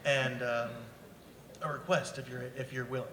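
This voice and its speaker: Guy fan at the mic, bright voice, rambles a bit, echoey hall. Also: mid-range voice, fairly even intonation, moderate pace, slight background noise. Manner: rambling, earnest. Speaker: fan asking questions. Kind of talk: audience question at a panel. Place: convention hall.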